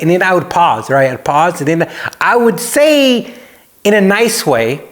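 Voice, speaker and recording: A man with a fairly high voice speaks casually to his audience as a YouTuber. He tells his stories in a lively way and briefly mimics the people he meets. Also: measured pace. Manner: animated storytelling, acts out quoted people. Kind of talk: casual talking-head vlog.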